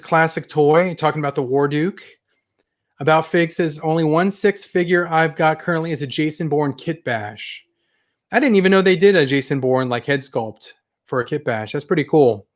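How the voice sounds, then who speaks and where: A young adult man casually chatting on a toy collecting livestream, rambling and enthusiastic as he reads viewer comments. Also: fairly high pitch. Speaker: toy collector channel host.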